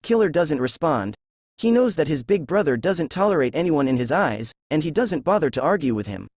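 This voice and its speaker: A man narrating a fan novel aloud in a steady reading voice. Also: a little high, a little fast, no room sound, studio quality. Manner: steady reading, reads characters' lines in the same voice.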